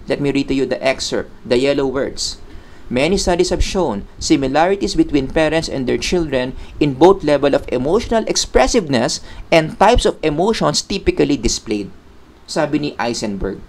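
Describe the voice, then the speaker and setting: Filipino man lecturing, higher-pitched. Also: vocal fry. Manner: explanatory, asks rhetorical questions and stresses key words. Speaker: psychology lecturer. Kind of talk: recorded lecture mixing English and Tagalog.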